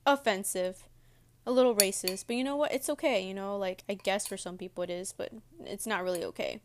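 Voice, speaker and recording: A woman's voice: medium pitch, fairly even intonation, fairly quick, background noise. A young woman vlogger rambling casually to her viewers while eating cereal between words. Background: audible munching on cereal.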